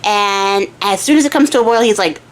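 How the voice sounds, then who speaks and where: A woman's voice: medium pitch, brisk. A young woman hosting a crafting channel, casually retelling a folktale with chatty asides and frequent giggles. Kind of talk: casual storytelling while crafting.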